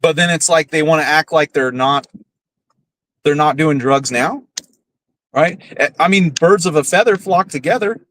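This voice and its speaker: A man's voice: a little high, normal speed, fairly bright tone, rough recording. A man hosting a podcast, ranting bluntly and profanely with scorn. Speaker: podcast host. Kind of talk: casual ranting commentary.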